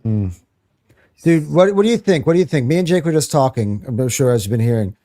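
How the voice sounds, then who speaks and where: A man hosting a football fan reaction show, chatting casually and excitedly, swearing freely and restarting his sentences as he rambles. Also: mid-range voice, a little fast. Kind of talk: casual chat.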